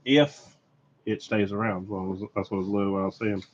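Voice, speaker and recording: A man hosting a casual live repair stream, talking in a relaxed, rambling way and laughing often. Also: on the low side, fairly quick. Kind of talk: casual live stream chat while soldering. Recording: dull lo-fi stream audio.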